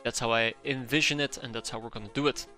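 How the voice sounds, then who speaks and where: Bright-voiced male game streamer. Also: medium pitch, steady tone, fast talker, soft background music. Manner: rambling, upbeat, many fillers and restarts. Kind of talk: casual let's-play commentary.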